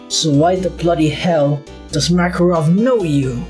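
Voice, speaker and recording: A woman's voice: sits low, measured pace, few pauses, a little mellow, soft background music. A woman playing a game and adding cheeky, crude asides as casual commentary. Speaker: let's play gamer.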